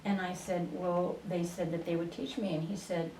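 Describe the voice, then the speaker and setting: Unhurried woman telling her story. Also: fairly low pitch, little pitch movement. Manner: unhurried, with frequent fillers and restarts. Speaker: interview guest, spiritual channeler. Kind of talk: storytelling in a radio interview. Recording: roomy, distant radio studio sound with faint noise.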